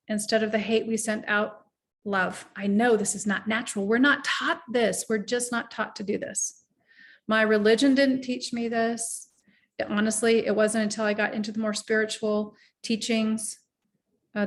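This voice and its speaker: A middle-aged woman life coach giving an earnest, reflective motivational talk, sometimes guiding the listener through slow breathing. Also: medium pitch, steady tone.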